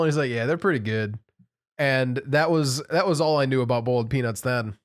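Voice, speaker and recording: A man's voice: mid-range voice, a little fast, no room sound, clean studio sound. Guy on a podcast, chill storyteller, plain mid voice, just hanging out. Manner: easygoing anecdote teller. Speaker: podcast co-host. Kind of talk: casual chat.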